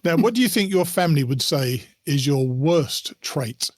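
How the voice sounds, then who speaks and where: Host asking questions, dry sound. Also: male voice, fairly high pitch, animated, moderate pace, dry recording. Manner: friendly, laughs along, short encouraging replies. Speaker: podcast host. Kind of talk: interview questions.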